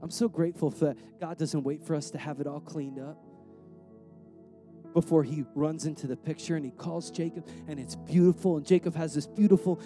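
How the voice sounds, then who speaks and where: A man's voice: on the high side, steady tone, brisk, mellow, faint music behind. A young adult male preacher giving a sermon in a conversational, slangy way, often repeating words.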